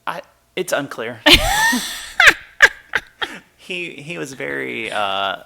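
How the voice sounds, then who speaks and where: A man's voice: medium pitch, lively intonation, drawn-out words, gravelly, sharp tone. A man co-hosting a podcast in casual chat, rambling and laughing as he retells things. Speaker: podcast co-host.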